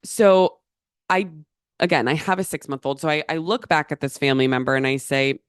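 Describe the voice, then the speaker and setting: A woman's voice: low voice, fairly quick, smooth, dry recording, clean studio sound. A young woman hosting a podcast, telling a story in a chatty, casual way, full of filler words and swearing. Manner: chatty, swears freely, many filler likes. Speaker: podcast host.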